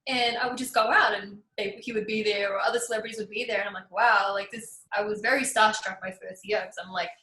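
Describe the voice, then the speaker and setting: A young Australian woman chatting easily as an interview guest, agreeing often and keeping things relaxed. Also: medium pitch, quick pace, hardly any pauses, echoey room, rough recording. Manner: relaxed, agreeable, lots of affirming yeahs. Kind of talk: casual interview chat.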